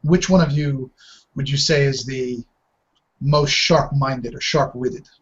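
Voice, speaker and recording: A man voicing a prim and proper older male court wizard who speaks in a measured, fussy way, over a muffled voice chat. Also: mid-range voice, fairly even intonation, lightly acted. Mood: haughty.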